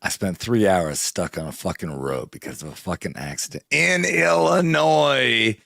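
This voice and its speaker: A hoarse man on a podcast panel, grumbling with plenty of profanity. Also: fairly low pitch, normal speed, a bit bright, no room sound, studio quality. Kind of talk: casual panel chat.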